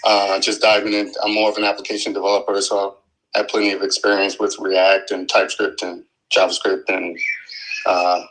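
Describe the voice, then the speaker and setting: A man casually telling how he got into software development, with lots of fillers and restarts, on an audio chat app stream. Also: low-pitched, brisk, low-quality recording. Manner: relaxed, rambling with many fillers. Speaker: guest developer.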